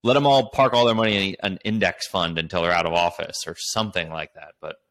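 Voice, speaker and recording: A man co-hosting a podcast, talking in a relaxed, thoughtful, casual way. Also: low-pitched, fast talker. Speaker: podcast co-host. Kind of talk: casual political chat.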